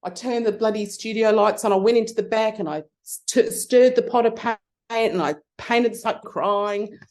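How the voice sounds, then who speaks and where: A middle-aged Australian woman, a photography consultant, telling lively stories in a casual interview with frequent restarts. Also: fairly high pitch, normal speed.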